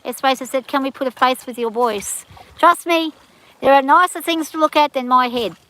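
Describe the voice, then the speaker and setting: A chatty woman with a broad rural Australian accent reads viewer comments on a live stream and answers each one. Her voice sits a little higher than most. She talks in an easy, offhand way. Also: normal speed, a bit bright, low-quality recording. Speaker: livestream host reading chat. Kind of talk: casual live-stream chat.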